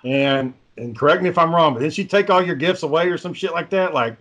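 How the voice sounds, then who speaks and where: A man recalling old stories to tease a friend. His voice sits a little high. He talks loosely and swears freely. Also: brisk, a bit bright, dull audio. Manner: teasing, profane storyteller. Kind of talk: casual chat.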